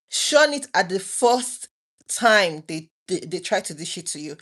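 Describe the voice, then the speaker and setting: Earnest, emotional woman with a lowish voice. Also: very animated, a little slow, fairly bright tone. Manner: earnest and emotional, with frequent restarts. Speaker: vlogger. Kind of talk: personal late-night talk to viewers.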